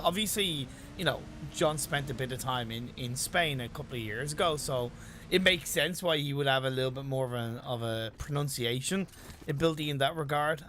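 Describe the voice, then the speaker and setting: Lively Irish esports caster. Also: male voice, fairly high pitch, slight background noise. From Ireland. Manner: teasing, banters with co-caster. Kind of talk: live esports commentary.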